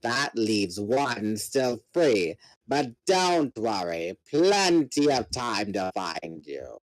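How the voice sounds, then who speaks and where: A gloating alien warlord, put on by a man reading aloud, drawls in a low, menacing voice, taking his time over every word. The sound is close and dry. It plays as a storybook villain. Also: very animated, drawn-out words, dry recording, heavily acted, low-quality recording.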